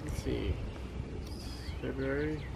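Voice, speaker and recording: A man in his thirties giving quiet, unhurried replies in a casual conversation. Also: mid-range voice, vocal fry, slight background noise. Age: 30s. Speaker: vlogger's husband.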